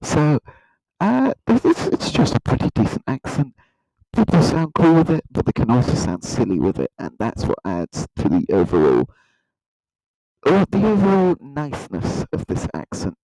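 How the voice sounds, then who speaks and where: A man giving a mock-earnest, rambling satirical countdown in a deadpan way. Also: mid-range voice, normal speed, no room sound, low-quality recording. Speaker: comedy YouTuber.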